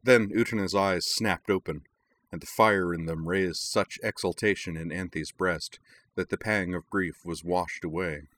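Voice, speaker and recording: A man reads a story aloud with steady, dramatic narration. His voice is very deep. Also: measured pace. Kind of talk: audiobook reading of fan fiction.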